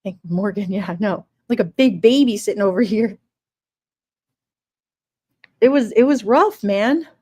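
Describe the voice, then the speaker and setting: A woman's voice: mid-range voice, expressive, unhurried, long pauses, mellow, slightly rough, no room sound. A woman hosting a casual livestream on her phone, reading messages aloud, emotional and laughing between lines. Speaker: livestream host.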